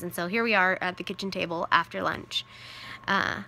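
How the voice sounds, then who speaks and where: Bright, gravelly-voiced woman in her thirties. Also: fairly low pitch, steady tone, normal speed, slight background noise. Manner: rambling, full of "like" and "you know". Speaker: vlogger and widowed mother. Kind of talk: casual personal storytelling.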